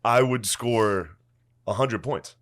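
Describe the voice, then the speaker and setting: A man's voice: fairly low pitch, slow pace. A man chatting casually and laughing as he jokes about his father. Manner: joking, laughing through his stories. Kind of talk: casual comedic chat.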